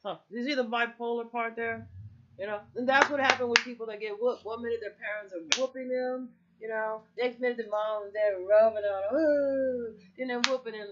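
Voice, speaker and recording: A woman's voice: a little high, fairly even intonation, fairly quick, background noise. Woman, middle-aged, casual heated rant, swears constantly, rambles, muffled lo-fi recording. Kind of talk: casual political rant to camera.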